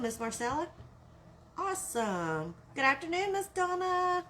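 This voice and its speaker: A woman's voice: high voice, expressive, moderate pace, fairly bright tone, a little hiss or hum. A woman with a Texan accent hosting a live craft tutorial, chatting and greeting viewers by name as she works. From Texas. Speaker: craft live-stream host.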